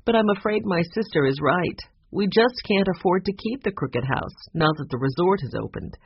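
Casting: narrator playing a gentle, wistful old lady, lively voice, muffled storybook audio. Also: mid-range voice, normal speed, gravelly, slightly rough, no room sound, voice pushed up. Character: older woman, kindly, wistful homeowner.

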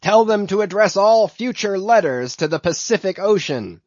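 Man playing a commanding old sea captain, loud raised hail, higher pitch, dull muffled recording. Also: lively intonation, moderate pace, no echo. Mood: booming hail. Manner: loud hailing, booming.

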